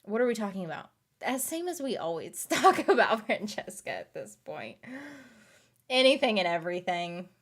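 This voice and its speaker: A woman in her thirties hosts a loose late-night stream chat, reading and answering her viewers as she goes. She laughs often, rambles, and lets her sentences trail off. She sounds tired, and her voice sits at an ordinary middle pitch. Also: very animated, moderate pace. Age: 30s.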